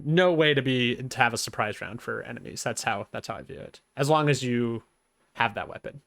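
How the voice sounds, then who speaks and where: A man's voice: medium pitch, fairly quick, gravelly, fairly bright tone, no echo. A man narrating as game master for a tabletop game, talking hesitantly with fillers and restarts.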